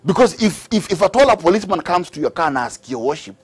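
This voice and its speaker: A man's voice: high voice, quick pace, breathy edge, faint music behind. A man with a Kenyan accent preaching a sermon, engaging the congregation with questions and repetition. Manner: animated, call-and-response with the congregation. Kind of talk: sermon mixing English and Swahili.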